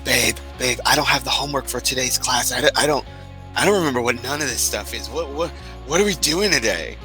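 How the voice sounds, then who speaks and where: A man voicing a panicky teenage boy roommate who talks in a rushed, whiny way. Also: medium pitch, music in the background, voice pushed down, lightly acted.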